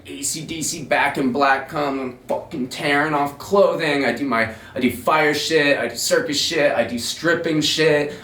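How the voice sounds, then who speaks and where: On his own podcast, a man spins a lengthy personal tale, rambling, profane, and self-mocking throughout. His medium-pitched voice is fairly bright, and the distant mic gives the audio a roomy sound.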